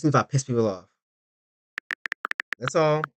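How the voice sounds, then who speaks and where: A man giving casual reaction commentary, animated, swinging from loud outbursts to low mutters. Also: a little slow, pauses often, background noise. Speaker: reaction video creator.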